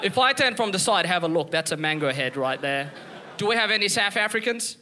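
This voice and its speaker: A man's voice: high-pitched, expressive, brisk, bright, forceful tone, slight background noise. A man from Ethiopia doing a stand-up comedy set on a club stage, telling punchy stories and acting out his mother's lines.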